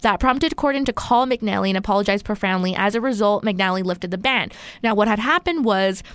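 A woman's voice: medium pitch, a little fast, smooth, dry recording. A woman co-hosting a casual podcast, recounting a news story in a chatty way. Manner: chatty storyteller, many fillers. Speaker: podcast co-host.

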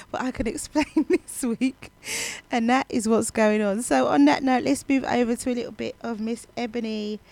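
This radio DJ, an adult mother of a young child, chats casually between songs while telling a story. Her throat hasn't fully recovered, and her fairly high voice carries vocal fry and a darkish tone.

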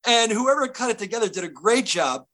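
A man's voice: very high-pitched, animated, fairly quick, sharp tone. A middle-aged man, an actor guest, telling stories in a casual interview with many restarts and fillers.

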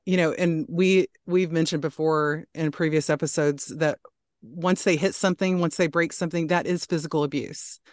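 Woman cohost, measured and validating, dry close mic. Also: low voice, fairly even intonation, a little mellow, no room sound. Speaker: podcast co-host. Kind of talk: interview comments and trigger warning.

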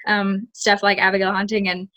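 A woman's voice: medium pitch, completely flat delivery, normal speed, fairly bright tone, no room sound. A young woman, an actress, chatting casually in an interview, full of "like" and restarts. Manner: chatty, many fillers and restarts. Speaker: actress guest.

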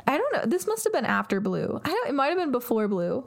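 Laughing woman podcast co-host, high voice. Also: fast talker, creaky. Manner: laughs often, animated storytelling. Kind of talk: casual chat.

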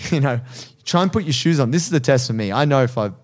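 A man's voice: medium pitch, animated, quick pace. A man hosting a casual podcast, talking animatedly about jiu-jitsu coaching, laughing often and swearing casually.

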